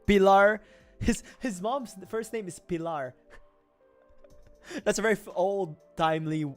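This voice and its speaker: A man's voice: high voice, a little slow, faint music behind. A young man from the Philippines with a Filipino accent, chatting on a casual livestream, rambling, swearing freely and laughing often. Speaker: streamer.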